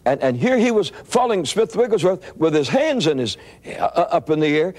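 An older male preacher tells a story from the pulpit, his pitch rising and falling in lively swoops. He talks in an animated, rambling way, often stumbling and restarting his phrases. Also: normal speed. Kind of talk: storytelling sermon.

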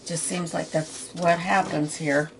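A woman's voice: deep voice, fairly even intonation, measured pace, creaky, a little hiss or hum. A middle-aged woman giving a casual, chatty painting tutorial from her home studio, with homey asides as she works. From Pittsburgh area. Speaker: art teacher.

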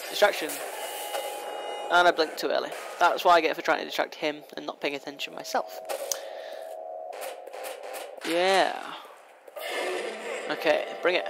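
A young man narrates his game run in a high, light voice, rambling fast and teasing the enemy. The recording carries a steady hiss of background noise. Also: gravelly. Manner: fast-talking, rambling, playfully taunting. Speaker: gameplay commentator. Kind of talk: casual let's play commentary. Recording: noisy home recording.

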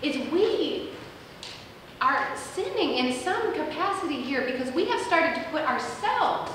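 Woman pastor giving a sermon, high voice, acts out the story bits, big echoey church hall heard from far off. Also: measured pace, slight background noise. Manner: storytelling with lively acted-out quotes. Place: large church sanctuary.

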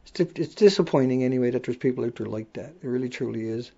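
This accented man's voice is medium in pitch, quick, creaky, warm and husky. He's the host of a casual livestream, ranting bluntly and swearing freely, heard through dull lo-fi audio.

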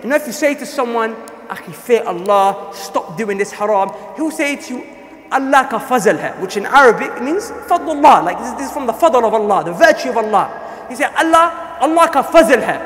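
A man preaching a sermon with impassioned delivery, often rising to near shouting. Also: extremely high pitch, animated, fairly quick. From South Asia. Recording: echoey hall.

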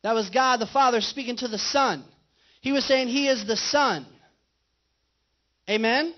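This is a male pastor preaching conversationally in a church, his very high-pitched voice set at a measured pace as he questions the congregation. The recording is dull, lo-fi livestream sound.

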